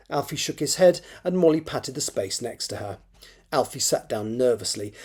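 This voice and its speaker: A man, an author, reading his own fiction draft aloud, halting to reread and correct phrases and muttering asides under his breath. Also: mid-range voice, a little mellow, slightly rough.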